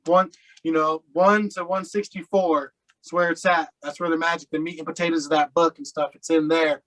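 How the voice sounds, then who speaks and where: Casual interview guest: a man with a slightly high voice, rambling, filler-heavy storytelling. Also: flat delivery, moderate pace, fairly bright tone, poor audio. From Colorado.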